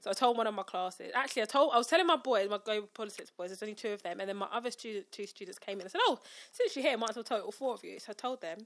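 A woman's voice: mid-range voice, racing, few pauses. A young woman, a teacher, chatting casually and acting out her students' voices as she tells stories. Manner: animated storyteller who acts out her students' voices. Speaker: teacher and podcast co-host. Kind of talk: casual chat.

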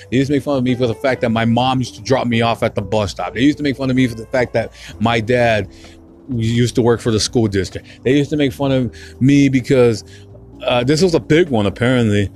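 His voice is mid-range and darkish, and he moves at a quick pace with faint music behind him. The young podcaster's solo monologue is profane and emotional: he stumbles, repeats himself, and nearly breaks down over painful memories.

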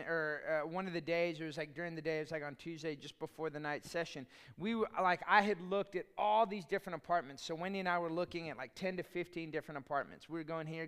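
A man's voice: on the high side, a bit bright, clean tone. A man preaching a sermon as pastor, in a conversational, storytelling way with chatty asides.

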